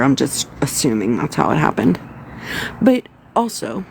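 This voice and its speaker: A woman's voice: sits low, sing-song, normal speed, creaky, slight background noise. A woman hosting a casual commentary livestream, blunt and exasperated, repeating her points and swearing. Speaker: livestream host.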